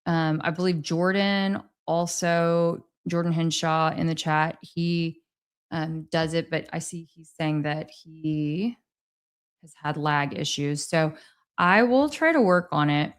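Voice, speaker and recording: A woman's voice: low voice, slow, clear, resonant tone. A woman hosting a casual livestream, chatting with viewers and thanking them for their messages. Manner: chatty, reads and thanks viewers' super chats. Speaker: livestream host.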